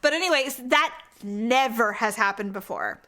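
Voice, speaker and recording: Bright high-voiced woman podcast co-host. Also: normal speed. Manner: animated storyteller, acts out quotes in a high voice. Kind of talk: casual chat.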